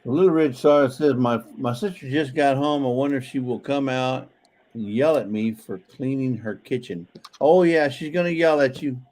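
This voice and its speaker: A man's voice: medium pitch, normal speed, a little mellow. A man casually chatting on a livestream, reading out viewer comments, joking, and talking with frequent restarts. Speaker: livestream co-host.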